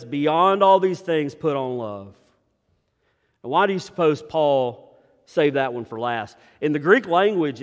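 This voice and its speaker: Pastor preaching in a reverberant hall. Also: male voice, a little high. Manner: preaching with emphatic rises and hushed drops. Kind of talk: sermon. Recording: long reverb of a large hall.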